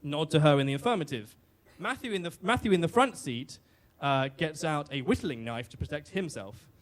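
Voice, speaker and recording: A man's voice: a little high, lively intonation, normal speed. A British man telling a comic personal story on stage, wry and self-deprecating, with fillers and restarts. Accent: British English. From Britain. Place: live storytelling venue on stage.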